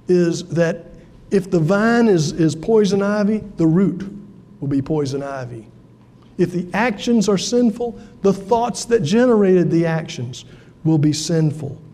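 A man delivers a sermon in an earnest, conversational way, restarting phrases as he goes. His voice sits high but mellow. A long reverb hangs around him, as in a church sanctuary. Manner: earnest preaching with repeated restarts and a wry aside. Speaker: pastor.

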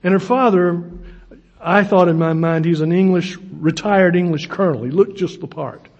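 Preacher in his 60s, folksy stories, highish husky voice, dull lo-fi sound. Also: moderate pace, darkish tone. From United States. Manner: folksy storytelling, self-deprecating humor. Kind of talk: sermon. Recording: dull lo-fi recording.

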